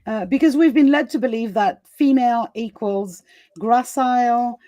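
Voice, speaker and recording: A woman's voice: on the high side, moderate pace, mellow, no room sound. Laughing, chatty woman hosting a summit. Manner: chatty, laughs often, many fillers and restarts. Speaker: summit host. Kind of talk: casual live interview chat.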